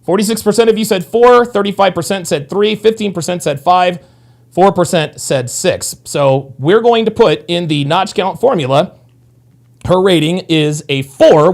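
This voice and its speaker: A man hosting a reaction video, commenting on a podcast clip in a crude, animated way with fast bursts of talk. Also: high-pitched, vocal fry.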